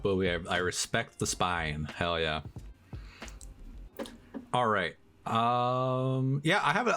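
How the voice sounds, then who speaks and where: A man hosting a casual video-call chat, relaxed and encouraging as he runs a game of impressions. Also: lowish voice. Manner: easygoing, encouraging, steers the segment. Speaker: podcast host.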